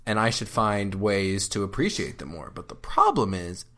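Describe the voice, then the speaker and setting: A man's voice: on the low side, huge pitch swings, normal speed, a bit bright. A man co-hosting a podcast with his wife, bantering in a sarcastic, self-deprecating and mock-dramatic way. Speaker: podcast co-host. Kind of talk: casual banter with spouse.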